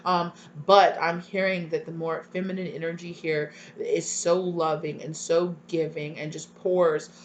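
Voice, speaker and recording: A woman's voice: on the low side, little pitch movement, measured pace, hardly any pauses, muffled recording, a little hiss or hum. A young woman giving a live tarot reading, emotional and gushing, with lots of fillers and a repeated "right?". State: tearful at times. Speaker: tarot reader.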